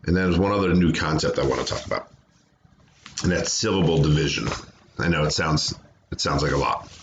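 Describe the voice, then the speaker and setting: A man's voice: rumbling low, fairly quick, muffled recording, a little hiss or hum. A man teaching a remote phonics lesson to children, patiently sounding out words and syllables. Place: home, away from classroom.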